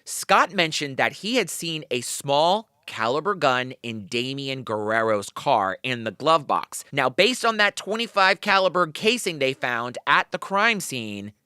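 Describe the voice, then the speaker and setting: Lively woman telling a true-crime story. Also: very deep voice, measured pace, hardly any pauses, clear, resonant tone, no room sound, clean studio sound. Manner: animated storytelling, acting out suspects in mocking voices. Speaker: podcast co-host. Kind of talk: casual true-crime chat.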